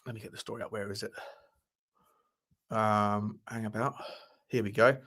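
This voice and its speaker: A man's voice: fairly low pitch, flat delivery, moderate pace, a bit bright. A man hosting a casual live football stream, bantering and repeating his phrases with some swearing. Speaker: football podcast host.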